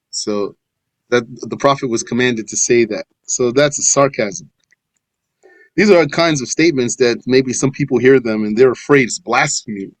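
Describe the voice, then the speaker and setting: A man teaching a scripture lesson. He recites verses in Arabic, then explains them in English in a measured way. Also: medium pitch, dry recording, low-quality recording. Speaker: religious teacher.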